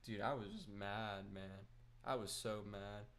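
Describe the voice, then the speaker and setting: A man's voice: lowish voice, unhurried, fairly bright tone. A young man chatting casually while gaming, telling a long rambling story with slang and swearing. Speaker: gaming streamer.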